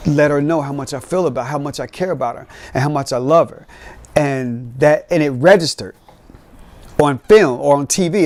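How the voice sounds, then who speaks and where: A man hosting a podcast, telling lively, streetwise stories and acting out beats with his mouth. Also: on the high side, dry recording. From Cincinnati. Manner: animated, streetwise storytelling with sound effects. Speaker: podcast host. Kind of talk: storytelling.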